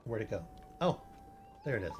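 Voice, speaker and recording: A man's voice: lowish voice, sing-song, normal speed, background noise. A man streaming a video game, chatting casually, laughing often and swearing now and then. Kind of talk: casual gameplay commentary. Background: game music.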